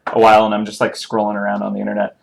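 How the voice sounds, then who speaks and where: Gravelly voice rambling through a story. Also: deep voice, monotone, rapid-fire, slight background noise. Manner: rambling, filler-heavy storytelling. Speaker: staff member on a game studio video. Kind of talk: casual office chat.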